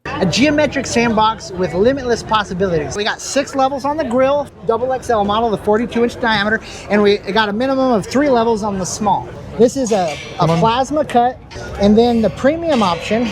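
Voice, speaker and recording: A man exhibitor pitching his fire pits with casual pride and technical detail. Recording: crowded expo floor.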